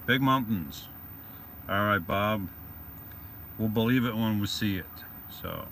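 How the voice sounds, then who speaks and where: Man, vlogger host, rambling and joking, tense bright tone, faint vehicle noise. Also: fairly low pitch, takes it slowly. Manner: rambling and joking, greets viewers by name. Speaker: livestream host reading viewer comments. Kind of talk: casual live-stream chat. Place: van or vehicle.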